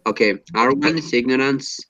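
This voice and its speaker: Halting male student on a muffled call. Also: mid-range voice, crowd noise. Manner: halting, clears throat often. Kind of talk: reading aloud in class. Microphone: video call.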